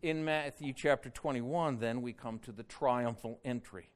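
This is an expository sermon: a man unpacks a biblical text verse by verse, swelling in volume on quoted cries and sinking to a slow, low voice for weighty points.

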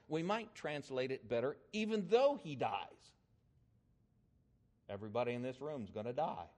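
An older man preaching a sermon, telling a story with swings in emphasis and loudness. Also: medium pitch, sing-song, moderate pace.

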